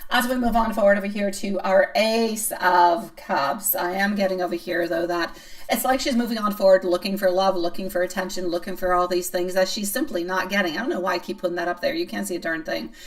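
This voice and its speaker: A woman's voice: fairly low pitch, steady tone, fairly quick. Chatty woman tarot reader, distant mic. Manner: chatty, playful, self-mocking, answers chat comments. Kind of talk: live-stream tarot reading.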